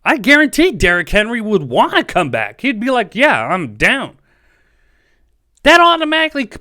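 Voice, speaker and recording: A man hosting a fan sports podcast, talking in an excitable, emotional, pleading rant. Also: very high voice, dry recording, clean studio sound. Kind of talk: solo fan podcast commentary.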